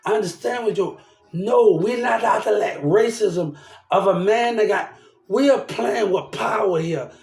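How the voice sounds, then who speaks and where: Heated young man with a high voice. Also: measured pace, gravelly, a little mellow, roomy sound, faint music behind. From New Orleans, Louisiana. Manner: rambling, heated, swears often. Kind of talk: casual ranting monologue.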